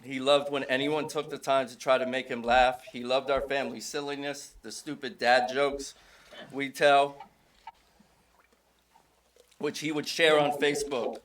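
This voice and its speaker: A man's voice: mid-range voice, a little slow, pauses often. Middle-aged father telling stories at a eulogy. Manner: relaxed anecdotal storytelling, chuckling often. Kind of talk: informal memorial eulogy. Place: funeral home service.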